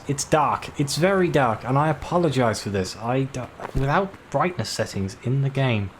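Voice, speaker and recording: A man's voice: medium pitch, a little hiss or hum. A man giving let's play commentary, chatty and self-deprecating, reading notes aloud as he explores. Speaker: video game player.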